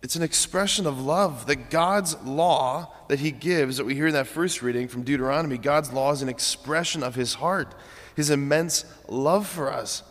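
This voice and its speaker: A young adult priest gives a homily in a large church, telling it conversationally like a story with frequent fillers. His voice is fairly high and a bit bright at normal speed, with long church reverb on the recording.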